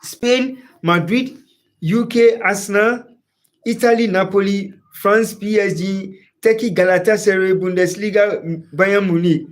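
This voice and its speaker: Man, high voice, live-stream football host, repeats himself, calls viewers by name. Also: fairly even intonation, measured pace. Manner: talks straight to viewers by name, repeats phrases. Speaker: sports show host.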